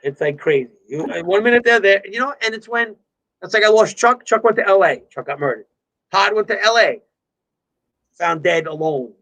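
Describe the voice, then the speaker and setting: A man's voice: high voice, lively intonation, moderate pace, fairly bright tone, low-quality recording. A man from New York, a guest on a livestream chat, talking in a rambling, profane way and laughing often, heard over a video call. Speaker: guest musician.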